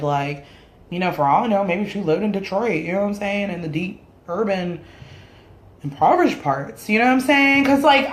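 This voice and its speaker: Blunt, opinionated woman vlogger, echoey room. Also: fairly low pitch. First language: Spanish. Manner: blunt, opinionated, swears freely. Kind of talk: casual opinion rant to camera. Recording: roomy echoey room sound.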